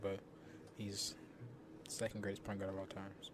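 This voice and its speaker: A man's voice: lowish voice, monotone, moderate pace. A young man co-hosting a podcast in casual chat, teasing his partner with dry remarks. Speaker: podcast co-host. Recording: faint background noise.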